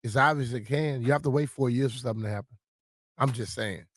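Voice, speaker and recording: A man's voice: medium pitch, fast, dry recording. A man co-hosting a sports radio show, chatting in a laid-back, folksy way in a studio. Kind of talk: sports talk radio chat.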